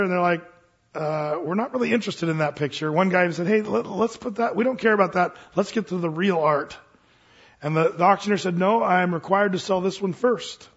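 A man preaching a sermon to his congregation, telling a story in an earnest, animated way. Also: on the high side, muffled recording. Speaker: pastor.

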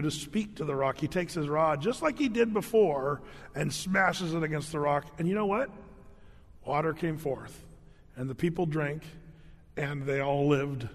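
Preacher, male, high-pitched, storytelling sermon style with playful asides, long hall echo. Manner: storytelling, acts out quoted speakers with humor. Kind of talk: conversational Bible-teaching sermon. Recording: long reverb of a large hall.

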